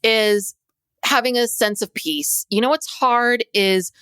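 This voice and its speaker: A woman co-hosting a podcast in casual chat, animated and acting out what others said. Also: a little high, unhurried, clean tone, no room sound, clean studio sound. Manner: animated, acts out quotes of others. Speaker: podcast co-host.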